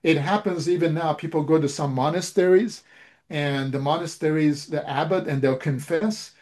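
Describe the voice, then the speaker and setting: Preacher, male, slightly high-pitched, storytelling sermon that acts out dialogue, halting restarts. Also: darkish tone.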